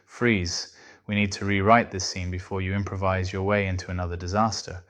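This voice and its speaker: A man voicing a calm, overly polite AI assistant that sets firm, deadpan boundaries. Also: low voice, a little fast. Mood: calmly firm.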